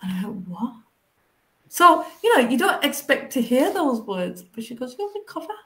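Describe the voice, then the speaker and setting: A woman telling her recovery story in a casual interview, acting out past conversations with lively changes of voice, heard over a video call. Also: fairly high pitch, measured pace. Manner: animated, acts out past conversations.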